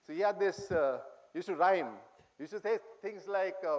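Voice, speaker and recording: A man's voice: sits high, normal speed. A middle-aged man with an Indian English accent, speaking to cadets in an auditorium, telling humorous memories and quizzing his listeners. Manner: humorous, reminiscing, quizzes the audience. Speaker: guest speaker addressing cadets. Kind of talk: anecdotal speech to an audience.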